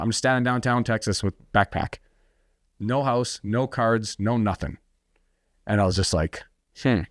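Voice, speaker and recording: A middle-aged entrepreneur, guesting on a podcast interview, tells his story bluntly and intensely in a fairly low voice. He swears freely and acts out what others said, and the studio-quality recording has no room sound.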